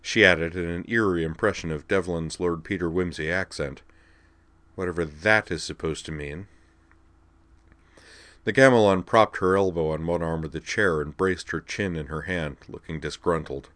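A man reading a story aloud in an even, measured way. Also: deep voice, no echo. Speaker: narrator. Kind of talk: audiobook narration.

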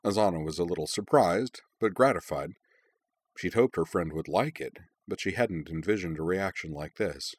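A man reading a story aloud in calm, even audiobook narration. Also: low voice, normal speed, no room sound.

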